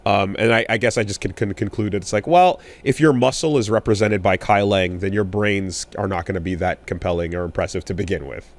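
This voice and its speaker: Rambling low-voiced man with many fillers. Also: brisk, hardly any pauses. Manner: rambling, many fillers and restarts, animated when riled. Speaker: podcast co-host. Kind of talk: casual chat.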